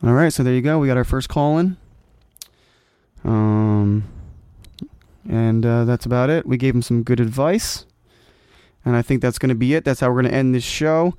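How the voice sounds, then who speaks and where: A man's voice: mid-range voice, moderate pace, pauses often, mellow, clear, resonant tone, no echo, clean studio sound. Joking man co-hosting a sports podcast. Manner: loose, joking, lots of fillers. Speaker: podcast co-host. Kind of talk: casual sports podcast chat.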